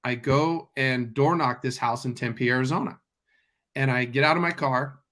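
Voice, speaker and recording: A man, a guest real estate investor, telling a story in casual conversation and acting out the dialogue with lively delivery. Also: mid-range voice, moderate pace.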